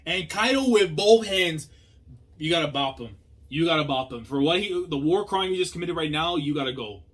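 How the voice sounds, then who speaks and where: A young man hosting a manga reaction, talking casually in slang and swinging between low muttering and loud outbursts. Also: animated, normal speed.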